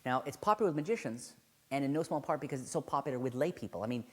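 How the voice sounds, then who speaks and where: A man's voice: medium pitch, lively intonation, rapid-fire. A man teaching card sleights in a casual video tutorial, enthusiastic and conversational, often correcting himself mid-sentence.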